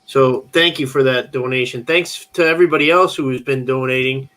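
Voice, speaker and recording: A man hosting a casual livestream chat, excitable and stumbling over his words. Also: mid-range voice, a little fast. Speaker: host.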